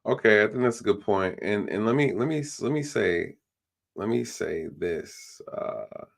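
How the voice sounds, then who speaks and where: Gravelly low-voiced man ranting. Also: expressive, moderate pace. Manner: blunt, ranting, mimics people in quotes. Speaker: host of a live stream. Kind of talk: casual opinion talk.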